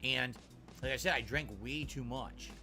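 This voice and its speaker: Chatty streamer man, bright voice. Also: medium pitch, normal speed, soft background music. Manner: animated, chatty, self-mocking. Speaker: streamer reacting to old clips. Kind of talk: casual stream commentary.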